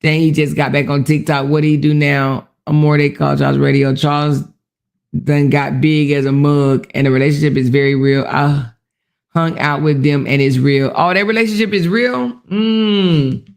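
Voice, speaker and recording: Gravelly-voiced woman hosting casual commentary. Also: low-pitched, steady tone, moderate pace. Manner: chatty, laughs often, reads comments aloud. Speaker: commentary host.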